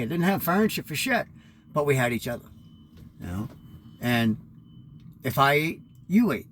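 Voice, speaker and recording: A man's voice: medium pitch, brisk, slight background noise. A man in his fifties rambling through a candid, profane personal monologue as host of his own show. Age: 50s.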